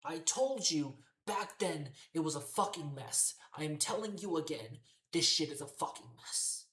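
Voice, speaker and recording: A woman's voice: deep voice, animated, moderate pace, fairly bright tone. A woman ranting heatedly as a wrestling show reviewer, swearing constantly and repeating herself in exasperation. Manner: profane, exasperated, repetitive ranting. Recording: roomy echoey room.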